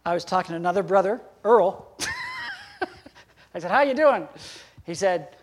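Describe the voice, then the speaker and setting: Older male pastor, high-pitched, folksy preaching with acted-out dialogue. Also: huge pitch swings, unhurried, breathy edge. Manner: folksy, laughing asides, acts out dialogue. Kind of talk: sermon.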